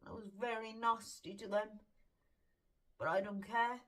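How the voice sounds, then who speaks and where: A woman speaks at a slow, halting pace, her voice close to tears as she holds back crying. Her pitch sits in a middle range for a woman. She tells a personal story straight to her listeners. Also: little pitch movement, far from the mic, poor audio. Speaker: tarot reader. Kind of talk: emotional personal story to camera.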